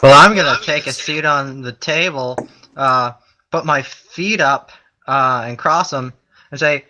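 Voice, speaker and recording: A male player describes his character's moves calmly and casually. His voice is very bright and sharp. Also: mid-range voice, measured pace, rough recording. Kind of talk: casual tabletop game play.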